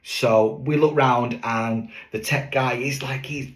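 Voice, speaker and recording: A man's voice: mid-range voice, slow. A man, a singing waiter, chatting to camera as he tells a story from a show. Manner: chatty, lively, with fillers and asides.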